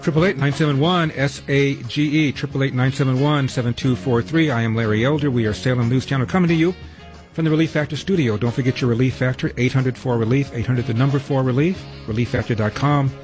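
A man's voice: medium pitch, fast talker, over music. A man hosting a talk radio show, running through headlines with wry, sarcastic asides.

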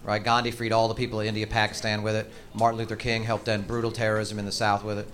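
A man's voice: lowish voice, monotone, fast, a bit bright. A man performing stand-up comedy with profane, mock-angry rants. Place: comedy stage. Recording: noisy live stage recording.

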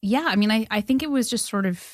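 A woman's voice: on the high side, fast talker, dry recording, studio quality. A Canadian woman in her thirties, a filmmaker talking in a casual interview, chatty and self-deprecating, with lots of fillers and little laughs. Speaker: filmmaker guest.

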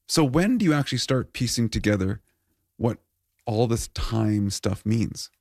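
A man's voice: lowish voice, lively intonation, a little slow, gravelly, a little mellow, no room sound. A man co-hosting a radio show, teasing and bantering and reading segment teasers. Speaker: host.

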